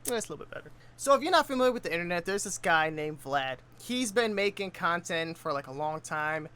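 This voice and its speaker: A man's voice: fairly high pitch, animated, brisk, bright, forceful tone, clear, resonant tone. A man giving casual reaction commentary on a video, full of laid-back slang.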